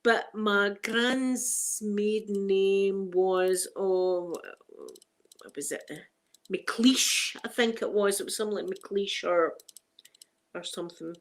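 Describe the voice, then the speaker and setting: A woman's voice: mid-range voice, slow. A middle-aged woman with a Glaswegian accent, chatting casually with livestream viewers and laughing often. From Scotland. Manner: chatty, laughs often, strong Scots phrasing. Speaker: ASMR livestream host.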